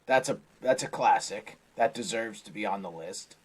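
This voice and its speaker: A man's voice: lowish voice, moderate pace, a little mellow, breathy edge. A man co-hosting a podcast in casual chat, joking and quoting movie lines. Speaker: podcast co-host.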